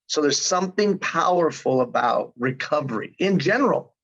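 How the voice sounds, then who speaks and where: A man's voice: a little high, expressive, normal speed, fairly bright tone. Man in his fifties, dull audio. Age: 50s. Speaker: guest. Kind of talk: casual interview talk.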